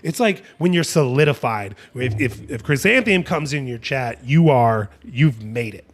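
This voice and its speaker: A man's voice: mid-range voice, expressive, normal speed. A man hosting a live online tournament, calling the plays and joking with chat in a playful, hype-driven way. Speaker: tournament host and caster. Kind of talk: live esports play-by-play commentary on a stream.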